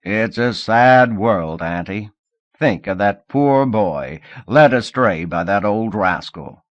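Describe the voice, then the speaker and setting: A man voicing a gruff, gossipy male police sergeant who speaks loudly and drags out his lines. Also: on the low side, expressive, no room sound, muffled recording. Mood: musing. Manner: loud, folksy, drawn-out lines.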